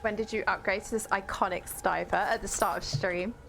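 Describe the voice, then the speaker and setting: A woman's voice: mid-range voice, fairly even intonation, brisk, creaky, fairly bright tone, soft background music. A woman live-streaming a game, chatting casually with her viewers and exclaiming at the action. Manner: chatty, reads chat aloud, exclaims at the game. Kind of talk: casual live-stream chat while gaming.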